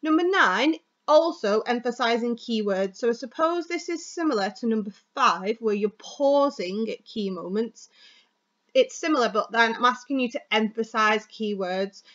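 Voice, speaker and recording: A woman teacher giving a chatty, fast, expressive lesson on delivering speeches. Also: on the high side, highs cut off. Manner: chatty, fast and expressive, stressing words for effect.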